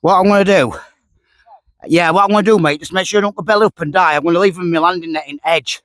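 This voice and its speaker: A man's voice: high-pitched, fast talker, a bit bright, no echo. Chatty man fishing outdoors. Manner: chatty, drops articles, repeats himself. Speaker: fishing vlogger. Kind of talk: casual talk to camera while fishing. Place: lakeside outdoors.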